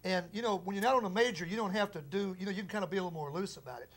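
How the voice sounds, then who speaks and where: A man in his forties, a musician telling stories in a loose, animated interview. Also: high voice. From Texas. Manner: rapid, animated storyteller with a loose drawl. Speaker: musician guest. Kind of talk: casual storytelling interview.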